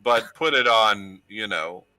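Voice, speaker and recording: A man's voice: fairly low pitch, slow, sharp tone. A man playing a tabletop game, joking and playful. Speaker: player.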